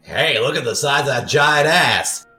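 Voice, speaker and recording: A man's voice: mid-range voice, expressive, measured pace, pushed and bright, echoey room, soft background music. A man co-hosting a casual movie-riffing podcast, joking and laughing often. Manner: giggly, joking. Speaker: podcast co-host.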